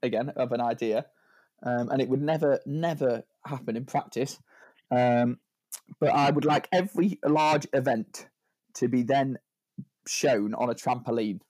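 Man, casual podcast chat, jokey, rambling, slightly husky, dry close sound. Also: medium pitch, a little slow, darkish tone, dry recording. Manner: rambling, jokey, stacks up "right?" tags. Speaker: podcast co-host.

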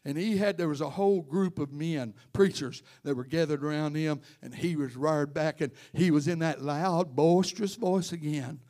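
This sermon comes from a male pastor whose voice is on the high side, moving at a normal speed with hardly any pauses. He tells stories, calls out congregation members by name, and rises to loud, fervent preaching in church.

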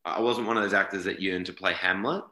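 Deep-voiced aussie man, rambling. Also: quick pace, sharp tone, roomy sound, rough recording. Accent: Australian. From Australia. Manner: rambling, self-correcting, repeats words. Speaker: actor guest. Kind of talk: casual interview chat.

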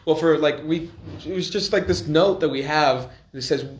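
A young man co-hosting a casual chat, excitable and rambling with many restarts. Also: a little high, normal speed, a little hiss or hum. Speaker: podcast co-host. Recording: echoey room.

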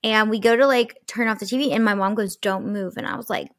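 A woman's voice: on the high side, fast, fairly bright tone, dry recording, clean studio sound. A young woman casually telling a personal ghost story, chatty, full of fillers and swearing.

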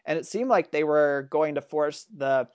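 A man's voice: fairly high pitch, a little mellow, clean tone, dry recording. A man co-hosting a political talk show, explaining votes in casual chat with many fillers. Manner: reads out quotes, laughs often, halting with fillers. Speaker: political news show co-host.

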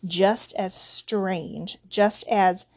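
A woman voicing a shrill, bitter aunt who rants loudly about her family in a storybook reading. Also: fairly even intonation, extremely slow, no room sound. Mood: ranting. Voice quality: shrill, loud. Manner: ranting.

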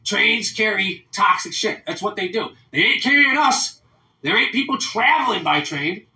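An American man hosting a podcast, ranting loudly and profanely in casual talk, mimicking people in mocking voices. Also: high-pitched, animated, normal speed. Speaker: podcast host. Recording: roomy, mic at a distance.

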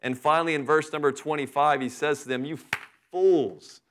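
A middle-aged man delivers a sermon in a relaxed, conversational way and speaks straight to his congregation. His voice sits a little above the usual male range. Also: a little high, quick pace, a little hiss or hum. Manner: conversational preaching, acts out Bible characters in asides. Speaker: pastor.

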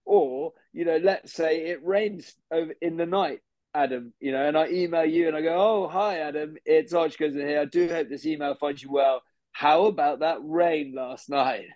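A man's voice: fairly high pitch, normal speed, darkish tone, no echo, lo-fi sound, natural voice. A man playing a pompous young bro who boasts and rambles, in an improvised comedy podcast. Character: smug posh young City bro, boastful gym fanatic. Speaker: podcast guest.

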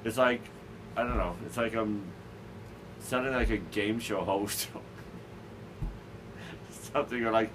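A man's voice: on the low side, takes it slowly, long pauses, noisy background. Rambling, stammering male show host. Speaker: podcast host. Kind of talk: casual chat.

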